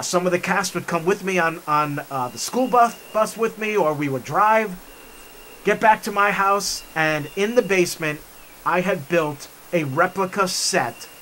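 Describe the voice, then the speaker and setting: Bright, animated man telling stories. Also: high-pitched, slight background noise. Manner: animated, enthusiastic storyteller. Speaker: vlog host. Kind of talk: storytelling while hiking. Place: forest trail outdoors.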